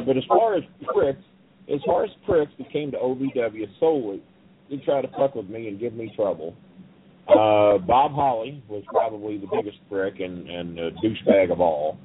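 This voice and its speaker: A man's voice: on the low side, breathy edge. A middle-aged man tells a story bluntly and heatedly, swearing freely, over the phone. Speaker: wrestling business guest. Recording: tinny phone line.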